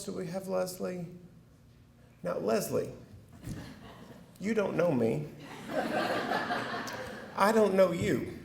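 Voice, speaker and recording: A man's voice: a little high, creaky. A middle-aged man with a rural Texas accent giving a keynote speech, folksy and self-deprecating, with lots of fillers and restarts. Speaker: keynote speaker. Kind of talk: keynote speech with audience banter. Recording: echoey hall with faint noise.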